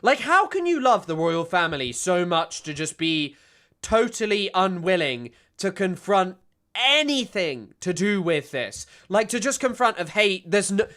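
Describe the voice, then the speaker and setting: A streamer ranting off the cuff, exasperated and tripping over his own restarts. His voice is bright and smooth, crisp on the consonants. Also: high-pitched, sing-song, measured pace. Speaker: streamer and commentator. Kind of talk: live-stream commentary.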